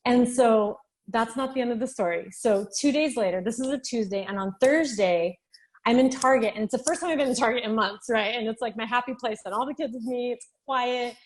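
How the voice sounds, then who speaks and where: A woman in her thirties, a physician assistant, telling her story as a podcast guest, animated and at times tearful. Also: on the high side, brisk, poor audio. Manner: animated storytelling, acting out dialogue. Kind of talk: podcast interview, personal testimony.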